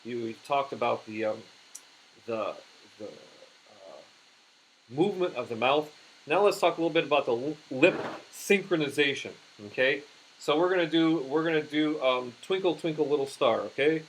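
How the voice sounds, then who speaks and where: A man teaching puppetry in an instructional demonstration, talking haltingly with frequent restarts. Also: fairly high pitch, slight background noise, poor audio.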